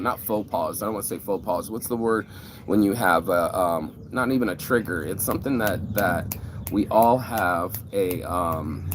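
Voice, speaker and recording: A man's voice: on the low side, background noise. A middle-aged man ranting casually to camera, rambling and profane, with lots of fillers and restarts. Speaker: vlogger.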